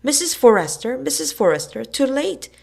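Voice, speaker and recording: A woman voicing a stubborn, excitable young boy in a storybook reading, pitching her voice up and calling out eagerly. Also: unhurried, vocal fry, full character voice. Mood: triumphant. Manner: shrill, yelling triumphantly.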